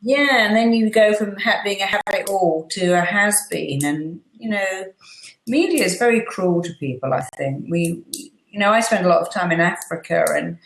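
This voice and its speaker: Woman, middle-aged, animated storyteller, echoey room. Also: mid-range voice, moderate pace, vocal fry. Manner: animated storyteller, acts out quotes. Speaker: guest therapist. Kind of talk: casual interview chat.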